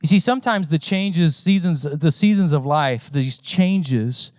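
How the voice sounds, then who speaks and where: A man preaching a sermon in a conversational style, often repeating phrases and letting his pitch swing widely. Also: expressive, a little slow, dry recording, studio quality. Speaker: pastor.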